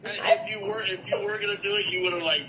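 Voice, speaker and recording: A man's voice: sits high, steady tone, a little fast, a loud crowd. A man chatting casually on a phone call, saying bro and right a lot.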